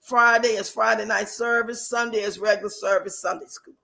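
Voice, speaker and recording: A woman's voice: mid-range voice, steady tone, a little fast, gravelly, bright, forceful tone. A woman mocking a greedy woman preacher. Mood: preachy. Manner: preachy, demanding money. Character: greedy woman preacher pushing her own book.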